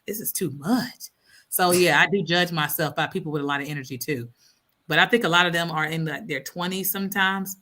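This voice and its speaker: A woman's voice: sits low, fairly even intonation, quick pace, pushed and bright. A woman in her thirties hosting a casual live stream, reading out comments and acting out her own thoughts with lots of laughter.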